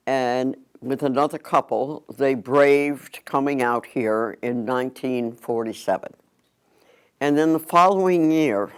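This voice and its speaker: Older man, slow reflective storyteller, smooth clear voice. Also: medium pitch. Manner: slow, unhurried recollection. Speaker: interviewee.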